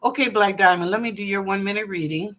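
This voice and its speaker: Woman psychic host, live online readings from her apartment; bright tone, chatty and animated, drawls phrases for effect. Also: medium pitch, fast talker. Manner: animated and playful, drawing out phrases, chatty asides. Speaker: psychic reader and show host. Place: apartment at home.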